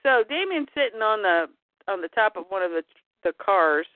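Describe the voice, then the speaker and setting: A woman's voice: mid-range voice, big pitch swings, normal speed, no room sound. A woman casually retelling a cartoon story in a chatty way, laughing now and then. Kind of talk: casual plot recap. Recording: dry, tinny phone-like line.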